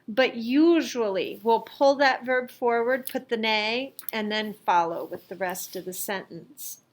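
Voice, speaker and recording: A middle-aged woman teaching a lesson, explaining slowly and carefully with the odd filler as she reviews worksheets. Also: fairly high pitch, fairly bright tone. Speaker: Latin teacher.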